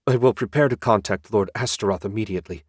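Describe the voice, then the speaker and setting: A man's voice: fairly low pitch, fast, slightly rough, no room sound, clean studio sound. A man voicing a cold, proud male necromancer lord in an audiobook, speaking in a haughty tone. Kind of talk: audiobook character voice.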